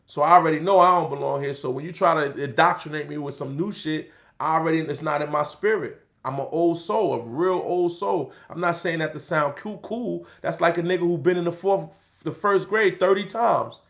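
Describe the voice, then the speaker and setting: Man, high voice, gravelly fry, street slang, animated storytelling, middle-aged. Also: moderate pace. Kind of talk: casual storytelling talk.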